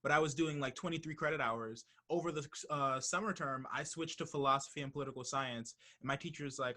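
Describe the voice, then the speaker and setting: Animated young man telling stories. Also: medium pitch, brisk, few pauses. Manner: animated, profane storytelling. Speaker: podcast host. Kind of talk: casual conversation.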